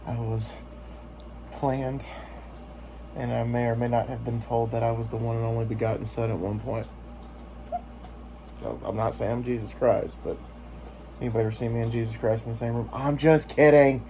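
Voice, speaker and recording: A man's voice: medium pitch, level tone, moderate pace, pauses often, noisy background. A man vlogging in casual chat, joking and rambling with lots of filler words.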